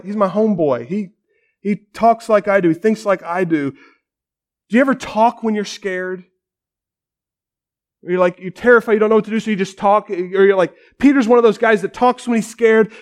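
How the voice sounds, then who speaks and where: Male pastor, sermon, lively dramatic storyteller, fairly high voice, uses quiet drops for emphasis.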